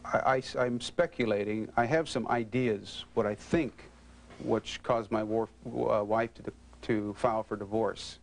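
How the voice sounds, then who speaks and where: A man in a counseling interview speaking haltingly, with many stammered restarts and anger he is holding back. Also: lowish voice, gravelly, rough recording. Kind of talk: halting emotional disclosure.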